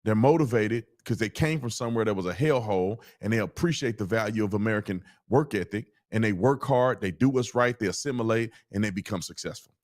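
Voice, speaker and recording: A man's voice: fairly low pitch, brisk, hardly any pauses, a little mellow. A man hosting a show, giving casual commentary in a mocking, scornful way. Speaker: host.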